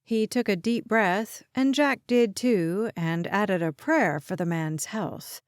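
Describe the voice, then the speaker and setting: Slow, dry-voiced woman narrating an audiobook. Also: medium pitch, dry recording. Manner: slow, even storytelling. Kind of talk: scripted narration.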